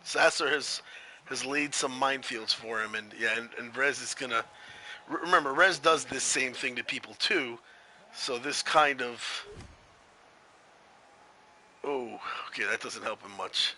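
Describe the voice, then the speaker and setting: A man doing play-by-play commentary on an online match, excitable and rambling, often laughing. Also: mid-range voice, measured pace, pauses often, slight background noise, rough recording. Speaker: play-by-play announcer.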